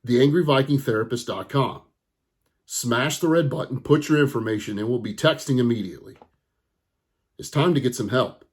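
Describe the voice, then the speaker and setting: A middle-aged man, a therapist, lecturing straight to the viewer in a blunt, forceful, scolding way with some swearing. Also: medium pitch, normal speed, breathy edge. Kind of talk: direct-to-camera lecture.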